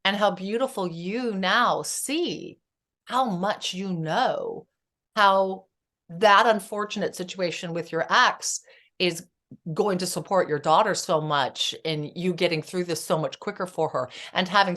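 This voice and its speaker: A middle-aged woman speaking as a therapist guest on a podcast, earnest and spiritual, telling stories with lively energy. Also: lowish voice, a little slow. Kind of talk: casual podcast conversation.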